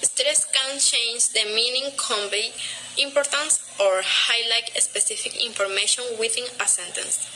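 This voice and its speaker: A young woman, a student, reading a class presentation aloud carefully and deliberately, pausing between example words. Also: fairly high pitch. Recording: steady background noise.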